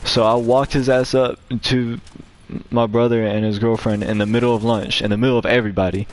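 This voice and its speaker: A man's voice: medium pitch, flat delivery, fairly quick. A man hosting a gaming channel, telling a rambling, profane story in casual chat, with frequent fillers. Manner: profane, rambling, acts out quotes in a raised voice.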